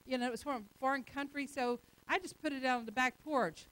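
A woman preacher with a notably high voice delivers a sermon. She talks to the congregation in a conversational way, presses her points hard and acts out short quotes. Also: fast, fairly bright tone.

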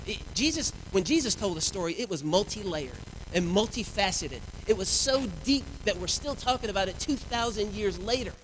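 A man in his thirties preaching a sermon in a church, telling lively stories about his family. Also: sits high, moderate pace, few pauses, slight background noise, low-quality recording. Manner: lively storytelling with family anecdotes. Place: church sanctuary.

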